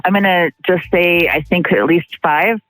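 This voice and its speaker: Halting woman recounting a frightening night. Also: fairly low pitch, fairly bright tone, dry recording, low-quality recording. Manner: halting, filler-heavy storytelling. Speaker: interview guest, partner of the accused. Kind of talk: casual recounting of events.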